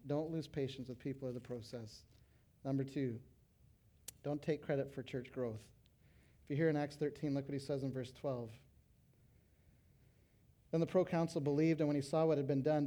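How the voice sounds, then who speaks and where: A middle-aged male pastor preaching to fellow pastors, animated, breaking into loud acted quotes. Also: mid-range voice. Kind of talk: sermon to pastors.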